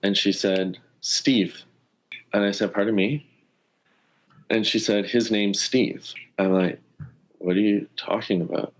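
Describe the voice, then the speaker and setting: A man from Canada with a slightly low voice speaks in a relaxed interview. He tells a personal story with earnest energy and briefly voices the people in it. He sounds like a former athlete in his thirties. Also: measured pace, pauses often. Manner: earnest, animated, acts out quoted dialogue. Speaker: former pro hockey player, guest. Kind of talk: conversational storytelling.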